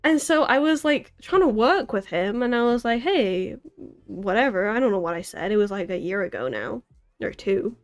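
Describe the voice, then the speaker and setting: A woman's voice: on the high side, expressive, a little fast, faint music behind. A young American woman in her twenties, chatting casually on a live stream from her city apartment, rambling and giggling at herself. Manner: rambling, giggly, self-deprecating. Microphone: desk mic.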